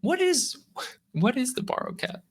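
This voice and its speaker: On a laid-back crypto podcast, this man from a lending app speaks in a very high, husky voice at a moderate pace. He's animated and mimics what his users say.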